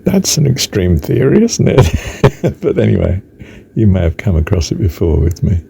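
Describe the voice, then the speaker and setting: Deep, mellow older man musing slowly. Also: sing-song, vocal fry, slight background noise. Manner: slow, musing, halting with fillers and soft whispered asides. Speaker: speaker on faith. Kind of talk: reflective spoken meditation.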